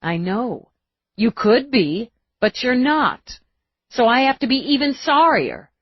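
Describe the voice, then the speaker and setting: A woman's voice: medium pitch, big pitch swings, a little slow, breathy edge, no echo, muffled recording, voice pushed up. Woman voicing a blunt woman cop. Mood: earnest. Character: blunt tough woman police lieutenant.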